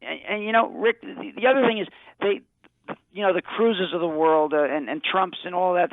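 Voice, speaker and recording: A man's voice: high-pitched, dry recording. A man, a political strategist, being interviewed on talk radio, speaking assertively and rattling off statistics over a phone line.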